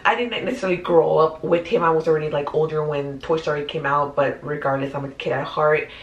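A woman in her thirties chatting casually through a movie countdown, animated and full of fillers. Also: sits low, a little fast, dull audio. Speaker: movie vlogger. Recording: roomy echoey room.

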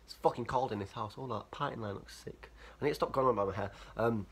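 A man's voice: mid-range voice, fast, husky. A young man, a student with a cold, chatting and rambling casually in his bedroom in a student house, swearing freely as he talks to the camera. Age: young adult. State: has a cold. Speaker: student vlogger. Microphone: camera held while talking.

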